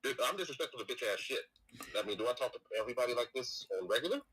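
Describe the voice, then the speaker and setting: Caller, man in his 40s, rapid-fire and combative, voice swinging up and down a lot. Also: mid-range voice, animated, a bit bright, slightly rough, low-quality recording. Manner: combative, profane, talks over the host. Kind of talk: heated live call-in argument.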